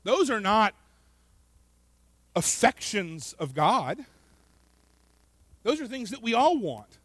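A man preaching a sermon in an earnest way, often repeating words and swinging between loud emphasis and quiet asides. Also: high voice, sing-song, slow, no echo. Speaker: pastor.

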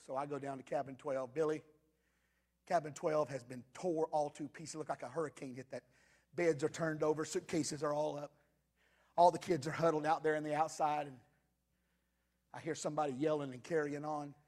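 A male pastor, preaching an impassioned sermon that builds to shouted crescendos. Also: on the high side, steady tone, moderate pace.

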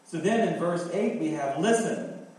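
A man's voice: medium pitch, normal speed. Man preaching in a very echoey hall. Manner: earnest, repeats key phrases, thinks aloud with fillers. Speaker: pastor. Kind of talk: sermon. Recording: very echoey hall, heard from a distance.

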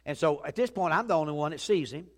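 A man preaching a sermon as a pastor, telling a story that swings from loud urgency to hushed quiet. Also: fairly high pitch, lively intonation, fast. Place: church sanctuary. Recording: long hall reverb.

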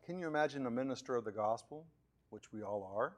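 A man's voice: mid-range voice, lively intonation. A middle-aged pastor preaching a sermon in church, breaking into acted-out skits and often repeating words as he restarts. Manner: plain preaching with acted-out skits and quick voice changes.

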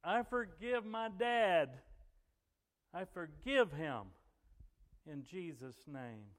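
A man's voice: expressive, in a large hall, natural voice. A man voicing a distraught grown woman pleading and crying at a church altar. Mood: tearful. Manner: high, loud, drawn-out crying voice.

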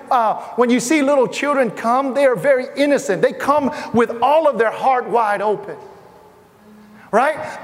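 A man preaching in a church, his voice unusually high and carried by a long reverberant tail. He builds through emphatic repeated lists, then drops soft and low to tell personal stories. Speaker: pastor. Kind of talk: sermon. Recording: reverberant hall.

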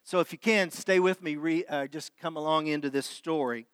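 A man's voice: a little high, normal speed, hardly any pauses, fairly bright tone, clean tone, dry recording. A middle-aged man who is a pastor, preaching a sermon and reading a story aloud in an earnest way that builds in intensity. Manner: earnest, rising in intensity during dramatic passages.

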